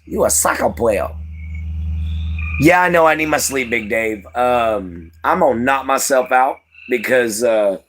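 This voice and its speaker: A man's voice: mid-range voice, fairly bright tone, slight background noise. A tired man from Louisiana with a light Cajun accent, chatting casually and folksily as a live-stream host, rambling with lots of fillers. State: tired from lack of sleep.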